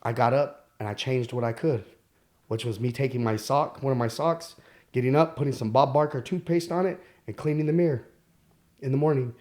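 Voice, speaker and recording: A man telling his own life story as a podcast guest, candid and halting, with many fillers and restarts. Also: medium pitch, darkish tone. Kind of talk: personal storytelling.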